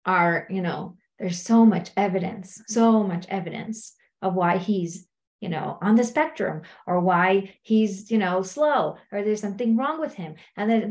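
A middle-aged woman speaking as a coach in a conversational teaching talk, often acting out what people say. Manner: conversational, acts out quotes in high animated voices.

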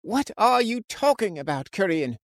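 A man's voice: high-pitched, big pitch swings, normal speed, fairly bright tone, no echo, studio quality, voice pushed up, exaggerated voice. A man voicing a frightened young man whose voice cracks with distress as he pleads. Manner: panicked, pleading.

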